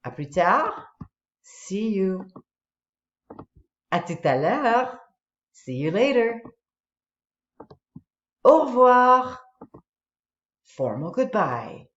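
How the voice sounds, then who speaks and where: A woman French teacher walking students through an online flashcard tool step by step, patient and explanatory. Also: mid-range voice. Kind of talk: screen-recorded tutorial walkthrough. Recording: echoey room, dull lo-fi sound.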